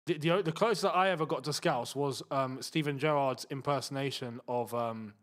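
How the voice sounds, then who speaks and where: A young man hosting a live football watchalong, reacting loudly to goals and bantering with his chat. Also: medium pitch, brisk.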